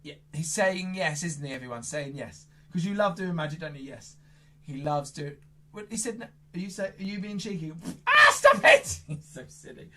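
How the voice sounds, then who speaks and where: A children's entertainer doing playful magic show patter, silly and exaggerated, jumping from loud squeals to hushed asides. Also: mid-range voice, moderate pace.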